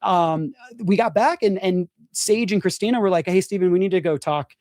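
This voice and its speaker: A man's voice: normal speed, no echo, studio quality. A young adult man, a podcast guest, telling a story casually, acting out quotes and filling his talk with "like". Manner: animated storyteller, acts out quotes with big pitch jumps, frequent "like". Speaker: podcast guest, former reality show contestant.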